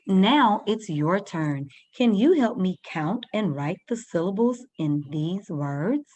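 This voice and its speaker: A woman teaches a first-grade reading lesson at a slow, unhurried pace. She talks patiently to young children and stretches out words as she sounds them out. Her pitch sits in an ordinary middle range. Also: lively intonation, darkish tone.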